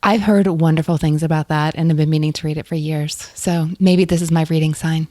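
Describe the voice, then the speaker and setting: A woman hosting a book podcast, asking her guests questions in a measured, encouraging way. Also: low voice, steady tone, warm tone, dry recording, clean studio sound. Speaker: podcast host.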